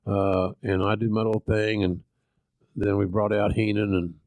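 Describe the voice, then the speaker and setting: A man's voice: on the low side, flat delivery, normal speed, a little mellow, no echo, low-quality recording. An older man with a Southern Oklahoma accent, hosting a podcast and telling stories in a folksy, salty, self-deprecating way. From Oklahoma, USA. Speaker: podcast host. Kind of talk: casual storytelling.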